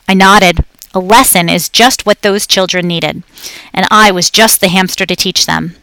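A woman narrating a children's story aloud in a clear, lively storytelling manner. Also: mid-range voice, moderate pace, no room sound. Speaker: audiobook reader.

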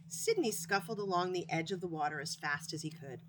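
A woman who works as a paraprofessional, reading a children's chapter book aloud in an expressive, animated way. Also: fairly low pitch, fairly quick, hardly any pauses, a little hiss or hum. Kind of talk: storybook read-aloud.

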